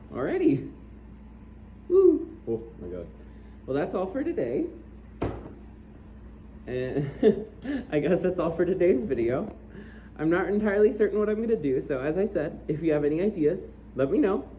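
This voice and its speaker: A bubbly young man chats his way through making coffee in his home kitchen. He pokes fun at himself and laughs a lot, and his voice swings up and down with a lively pitch. Faint room noise sits under the camera mic. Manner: bubbly, self-mocking, laughs often. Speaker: vlogger. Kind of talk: casual kitchen vlog.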